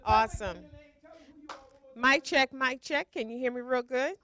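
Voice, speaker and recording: A woman's voice: high voice, measured pace, pushed and bright. A woman giving an upbeat motivational talk on stage as a business coach, asking rhetorical questions. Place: event stage.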